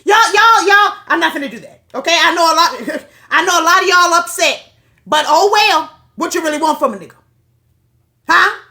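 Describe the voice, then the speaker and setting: A woman's voice: extremely high pitch, animated, moderate pace, pushed and bright. A middle-aged woman giving a blunt, profane, preachy opinion monologue to her viewers. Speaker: online commentator.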